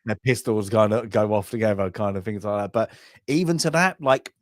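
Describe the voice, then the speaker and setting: A man's voice: fairly low pitch, fairly quick, no echo, clean studio sound. A man co-hosting a casual film review, rambling through the story with lots of restarts and fillers, acting out lines.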